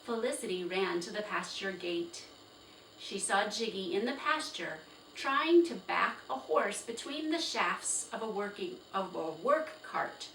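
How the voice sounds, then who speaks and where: A woman narrates a children's chapter book in slow, expressive storytelling. Her voice is bright and unhurried. The recording sounds roomy and distant, with a faint background hiss. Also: medium pitch. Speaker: storybook reader. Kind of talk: children's read-aloud narration.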